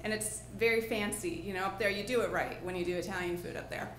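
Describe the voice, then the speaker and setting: A woman's voice: mid-range voice, fast talker, fairly bright tone. A woman in her thirties from New Jersey, telling an improvised personal story to a live audience in a chatty way, full of fillers. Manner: chatty, lots of fillers and restarts, laughing along. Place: pub stage. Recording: echoey pub room with faint noise.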